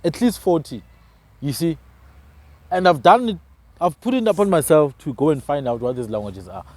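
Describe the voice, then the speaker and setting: A man's voice: fairly high pitch, lively intonation, moderate pace, no echo. A South African man hosting a casual discussion, talking emphatically and often tagging his phrases with "man". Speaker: podcast host.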